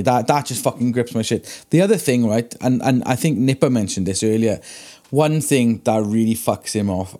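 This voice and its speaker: A man, a tattooist and podcast co-host, telling stories in casual chat with lots of swearing and animated ranting. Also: medium pitch.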